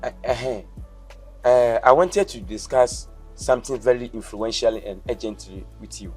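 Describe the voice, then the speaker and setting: A man's voice: mid-range voice, moderate pace, a little mellow, slightly rough, faint music behind, close to an everyday voice. A man with a Ghanaian accent playing a bossy, boastful husband and stepfather who repeats himself and slips into Twi. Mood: insistent. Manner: blustery, repeats himself, mixes English and Twi. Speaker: comic actor. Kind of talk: comedy skit acting.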